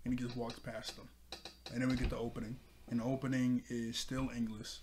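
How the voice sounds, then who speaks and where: A man's voice: mid-range voice, level tone, a little fast, background noise. A man hosting his own channel, casually recapping a cartoon episode with loose filler words and frequent laughs. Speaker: show reviewer and channel host.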